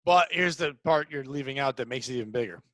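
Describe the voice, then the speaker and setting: A man hosting a casual comedy podcast, riffing excitably on a movie idea and bursting into shouted bits. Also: medium pitch, quick pace, no room sound, rough recording. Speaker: podcast host.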